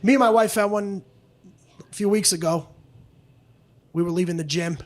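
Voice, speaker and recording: A man's voice: sits high, normal speed. A man doing a stand-up comedy routine on a club stage, brash and profane, often slipping into other people's voices.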